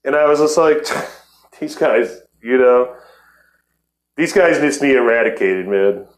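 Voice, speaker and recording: A man's voice: mid-range voice, lively intonation, unhurried, roomy sound. A man in his forties hosting a podcast, talking in a heated, profane casual chat and laughing often. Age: 40s. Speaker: podcast host.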